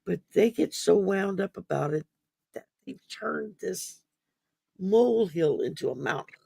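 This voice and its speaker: Raspy higher-pitched man, slow and rambling. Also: expressive, a little mellow, no room sound. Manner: rambling, hesitant, many ums and restarts. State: sleepy, yawning. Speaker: podcast host. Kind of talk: casual mental wellness discussion.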